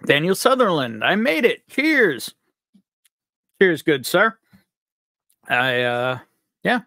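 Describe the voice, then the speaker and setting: Lively, upbeat man hosting a livestream. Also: fairly high pitch, slow pace, no echo, clean studio sound. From upstate New York. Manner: upbeat, jokey, reads out chat names. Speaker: livestream host. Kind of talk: live chat greetings on a whiskey stream.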